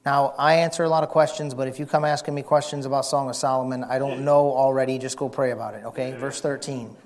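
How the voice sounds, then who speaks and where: A man preaching a folksy, excitable sermon, shouting and whispering for effect. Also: mid-range voice, fast.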